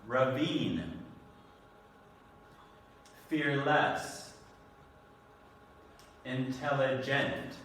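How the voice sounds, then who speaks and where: Slow, patient male ESL teacher, echoey. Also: mid-range voice, fairly bright tone, distant mic, slight background noise. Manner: slow, patient, clearly enunciated teacher talk. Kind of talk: recorded online vocabulary lesson. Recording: echoey room, voice off-mic.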